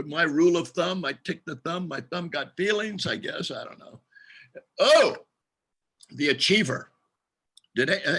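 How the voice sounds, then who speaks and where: A man's voice: mid-range voice, fairly bright tone, husky. A man leading a group tarot session over a video call, talking in an emphatic, playful and exhorting way.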